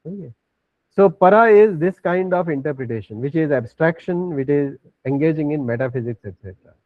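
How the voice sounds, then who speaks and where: A man's voice: fairly high pitch, animated, fairly quick, dry recording. A man teaching an online class, explaining step by step and checking in often with "okay". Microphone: video call. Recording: tinny phone-like online call audio.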